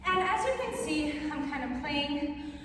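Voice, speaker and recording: A woman's voice: high-pitched, lively intonation, a little slow. A young woman teaching a dance routine, counting beats in rhythm and explaining the steps. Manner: calls counts loudly over music. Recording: roomy echo, distant mic, faint noise.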